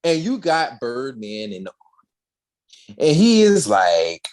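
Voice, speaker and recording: Brief: young woman podcast co-host, low voice with big swings in pitch, sassy slangy recap, jumps into character voices. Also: very animated, slow, pauses often, darkish tone. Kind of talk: animated comedic recap with acted-out voices.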